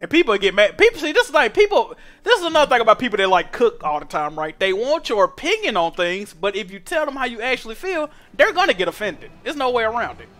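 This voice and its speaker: A young man streaming a game, telling stories in animated, profane slang. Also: extremely high pitch, fast talker, few pauses. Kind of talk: casual chat while gaming.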